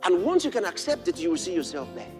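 A man preaching a sermon, telling a personal story and reading scripture, building to impassioned shouts. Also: high voice, very animated, fast, over music.

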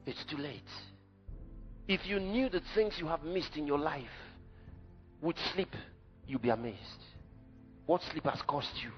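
A man's voice: on the high side, measured pace, pauses often. A man preaching a sermon in an emphatic, dramatic way. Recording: dull echoey hall recording with faint music.

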